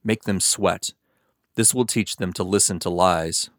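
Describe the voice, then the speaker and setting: Man reading a haughty ancient king, low, dry, commanding, barely acted. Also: a little slow, dry recording. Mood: scornful. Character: stern arrogant ancient male king.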